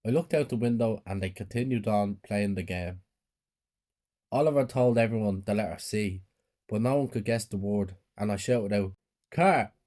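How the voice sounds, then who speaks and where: A man reads a first-person horror story in a plain, low-key way. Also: normal speed, warm tone. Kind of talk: scripted horror story narration.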